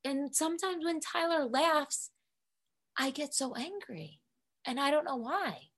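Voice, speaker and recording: A woman's voice: sits high, animated, unhurried, a bit bright. A young woman co-hosting a podcast, chatting candidly and emotionally, swearing freely as she vents about her life. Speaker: podcast co-host. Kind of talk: casual solo podcast chat.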